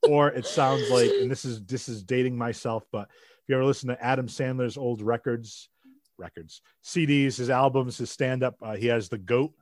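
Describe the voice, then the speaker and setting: A man chats loosely as a podcast host. He rambles and pokes fun at himself. His voice is mid-pitched and sounds dry and close. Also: steady tone, normal speed, darkish tone, no room sound. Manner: goofy, rambling, self-deprecating. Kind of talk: casual chat.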